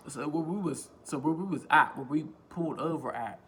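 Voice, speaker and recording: A man's voice: fairly high pitch, a little fast, a bit bright, breathy edge. A man vlogging a casual storytime on a phone, rambling, repeating himself and swearing freely. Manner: rambling, profane, self-repeating.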